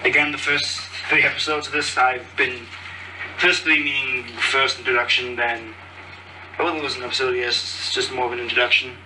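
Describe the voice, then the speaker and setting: Cheerful man rambling over loud dish clatter. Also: mid-range voice, little pitch movement, normal speed, recorded from a distance, background noise. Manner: cheerful, chatty, loses his train of thought. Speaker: podcast host. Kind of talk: casual rambling monologue. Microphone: phone. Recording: phone recording with loud clattering dishes. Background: clattering cutlery, dishes and pots.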